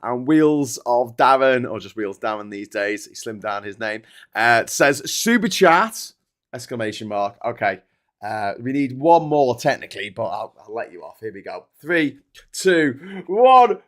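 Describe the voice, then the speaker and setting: Excitable man hosting a livestream. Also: lowish voice, normal speed. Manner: energetic, loud bursts when hyping super chats. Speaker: livestream host. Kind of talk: casual live chat.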